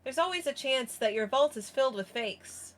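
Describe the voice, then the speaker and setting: A woman's voice: sits high, expressive, normal speed. A woman reading the part of a dry, questioning male researcher in her own voice. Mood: skeptical. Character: skeptical young male researcher interviewer.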